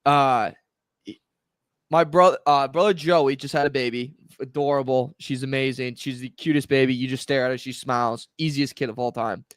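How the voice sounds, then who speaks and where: This podcast co-host speaks at medium pitch with a steady tone and normal speed, captured in a studio with no echo. He tells family stories in casual chat, laughing his way through them.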